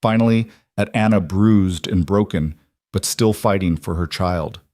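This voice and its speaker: A man narrating a scripted story in an even, measured way. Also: sits low, no echo, clean studio sound.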